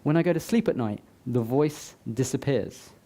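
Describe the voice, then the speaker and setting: A summit speaker gives a motivational talk at a live event, conversational in style and tossing joking asides to the crowd. His mid-range voice is warm and moves at normal speed.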